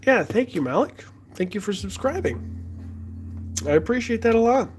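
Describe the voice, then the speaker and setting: A man's voice: high voice, big pitch swings, moderate pace, slight background noise. A young man from the United States chatting casually with viewers on a live stream, friendly and rambling, with many fillers and restarts.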